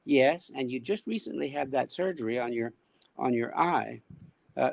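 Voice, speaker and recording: A man with a gravelly, fry-tinged voice explains his ideas in a measured, thoughtful way. His pitch sits in the middle range, and the recording is dry and close with no room sound. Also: lively intonation, no echo. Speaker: interview guest, speech technology scientist. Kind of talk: casual conversational interview.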